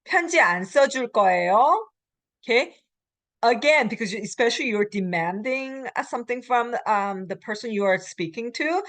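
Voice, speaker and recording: A woman's voice: a little high, lively intonation, quick pace, a bit bright. Woman teaching a language lecture. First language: Korean. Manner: explains with many fillers, acts out example phrases. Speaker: college Korean language professor.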